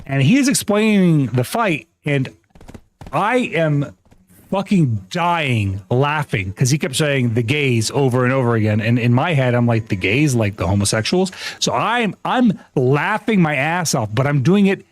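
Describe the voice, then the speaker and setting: A man talks to his livestream audience in a casual, rambling way, laughing and cursing as he tells a story. His voice sits a little higher than most men's and swoops up and down a lot. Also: measured pace. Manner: animated, laughing storyteller who swears freely. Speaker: streamer.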